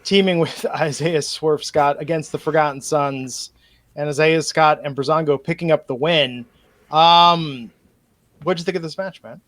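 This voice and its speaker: A man with a voice pitched a little high hosts a podcast. He walks through a show recap at a quick clip, and his voice jumps up when something excites him. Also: no room sound. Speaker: podcast host.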